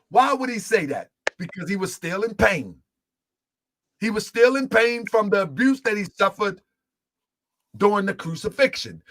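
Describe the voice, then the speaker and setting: A man giving a religious teaching, retelling a story in an animated way with many fillers. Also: high voice, normal speed.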